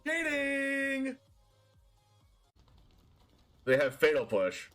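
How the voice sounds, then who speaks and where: Very high-voiced, excitable male streamer. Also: drawn-out words, soft background music. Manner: excitable, shouting and laughing at plays. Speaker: card game streamer. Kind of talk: live gameplay commentary.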